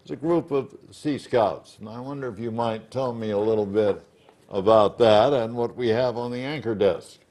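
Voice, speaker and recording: A man interviewing a guest for local television, asking unhurried, halting questions. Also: mid-range voice, darkish tone.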